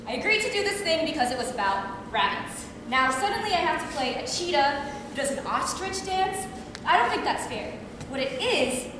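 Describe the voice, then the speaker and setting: A woman stage actor giving a live solo theatre performance, talking straight to the audience in an animated way and laughing often. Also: high-pitched, normal speed, noisy background. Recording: echoey hall recorded from far off.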